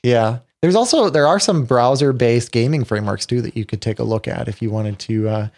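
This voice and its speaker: A man's voice: medium pitch, darkish tone. A man hosts a tech podcast in a casual, upbeat way. He stops and restarts his sentences often as he thinks aloud. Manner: halting, many restarts, upbeat. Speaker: podcast host.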